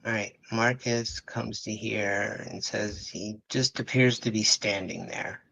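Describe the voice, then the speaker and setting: A man narrating as game master, describing scenes in a relaxed, matter-of-fact way. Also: on the low side, slow, creaky, low-quality recording.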